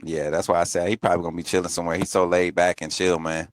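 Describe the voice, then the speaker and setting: A man's voice: low voice, little pitch movement, quick pace, no echo. A man co-hosting a casual sports chat, laid-back and slangy, laughing often. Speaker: podcast co-host.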